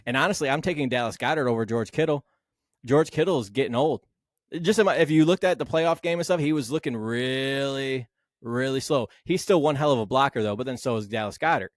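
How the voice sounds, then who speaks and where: A man's voice: medium pitch, brisk, no room sound, studio quality. Argumentative man in a sports podcast. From Philadelphia Eagles fan. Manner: animated, argumentative, swears casually. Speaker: podcast co-host. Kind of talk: casual sports debate.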